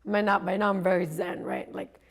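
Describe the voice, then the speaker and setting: A woman's voice: on the low side, a little fast, creaky. A woman coach telling a personal story in a chatty way, laughing often and acting out what others said. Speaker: coach and speaker.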